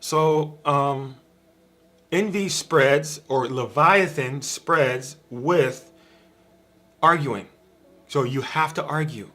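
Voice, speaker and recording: A man's voice: a little high, drawn-out words, pauses often, bright, forceful tone, soft background music. A man giving an informal spiritual teaching on a live stream from a room at home, repetitive and emphatic, speaking straight to his viewers. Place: home room with a dog bed in the corner.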